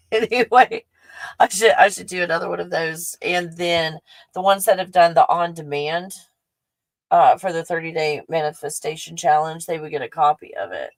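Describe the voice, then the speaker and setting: A woman with a fairly low voice talks to her live-stream viewers in a loose, effusive way, often circling back and restarting what she's saying. The sound is dry and close, with no room echo. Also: moderate pace. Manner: chatty and effusive, with frequent restarts. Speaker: livestream host.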